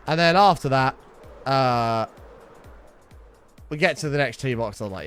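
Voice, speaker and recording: A young man chats on his livestream in a loose, rambling way, swearing as he goes. His pitch swings up and down with lively energy while faint music plays underneath. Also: normal speed. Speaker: streamer. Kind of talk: casual livestream chat.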